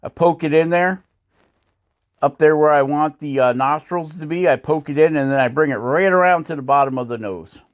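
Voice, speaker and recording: A man's voice: on the high side, moderate pace. A man hosting a woodcarving channel, talking through his work in a casual how-to voice-over, rambling and self-deprecating with frequent chuckles.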